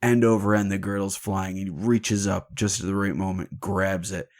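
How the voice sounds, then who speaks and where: A man's voice: sits low, fairly even intonation, normal speed, darkish tone, no room sound, clean studio sound. A man hosting a podcast, retelling a legend in a casual, irreverent and jokey way, swearing freely. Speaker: podcast host. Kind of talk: casual storytelling chat.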